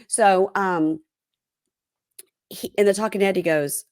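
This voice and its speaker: A woman's voice: medium pitch, steady tone, slow, long pauses, dry recording, clean studio sound. A woman hosting a casual podcast, animatedly retelling a reality TV episode and quoting the cast lines in her own voice. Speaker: podcast host recapping reality TV. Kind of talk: casual chat.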